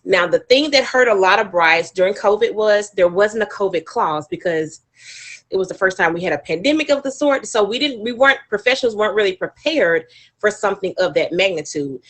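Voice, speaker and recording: A woman wedding planner talking to an audience, quizzing them and coaxing their guesses in an animated, chatty way. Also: mid-range voice, a little fast. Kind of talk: audience talk with quiz questions.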